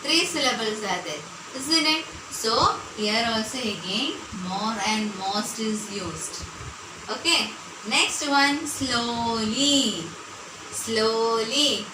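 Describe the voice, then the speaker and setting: Woman teaching grammar, echoey room. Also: a little high. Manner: patient, repeats words slowly, frequent "okay, children?" check-ins. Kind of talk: classroom grammar lesson. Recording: echoey room, voice from far off, noisy background.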